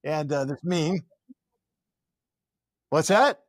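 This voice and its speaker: A man's voice: a little high, expressive, very slow, no echo. Rambling man hosting a podcast. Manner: rambling, many filler words and restarts. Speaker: podcast host. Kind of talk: casual podcast chat. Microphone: studio microphone.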